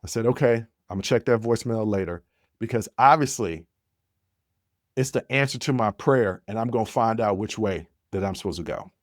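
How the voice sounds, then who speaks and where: Animated man telling a story. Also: lowish voice, brisk, no room sound, clean studio sound. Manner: animated, addresses listeners directly. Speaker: podcast host. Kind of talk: storytelling monologue.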